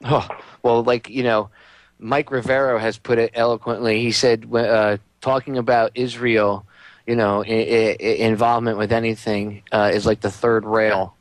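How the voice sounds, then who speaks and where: A man's voice: lowish voice, little pitch movement, moderate pace, dry recording. A man hosting a radio show, talking in a rambling, conversational way with frequent stammers. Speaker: radio host. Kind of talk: casual talk radio chat.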